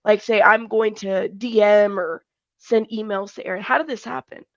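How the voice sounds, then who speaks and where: A woman's voice: mid-range voice, steady tone, moderate pace, dry recording. A woman hosts a conversational interview, prompting her guest with curious questions and light laughter. Her voice comes through dull, lo-fi audio. The sound is dry, with no room around it. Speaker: host.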